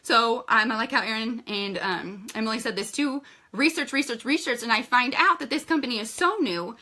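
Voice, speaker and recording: A woman's voice: on the high side, normal speed, sharp tone. A woman in her thirties telling her personal story on a livestream, earnest and emotional, calling her viewers "you guys" and at times fighting tears. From Colorado, United States. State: tearful at times. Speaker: makeup seller sharing her story.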